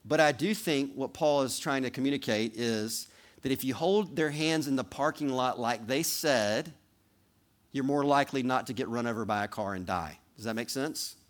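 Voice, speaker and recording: A man's voice: medium pitch, moderate pace. A man preaching a sermon, speaking directly to the children in the congregation and acting out little role-plays. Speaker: pastor.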